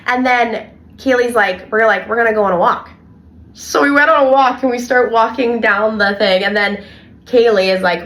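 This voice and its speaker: A young adult woman, co-hosting a casual podcast and telling animated stories from her childcare work with lots of "like". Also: fairly high pitch, moderate pace. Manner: animated storyteller, heavy filler "like". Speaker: podcast co-host and childcare worker.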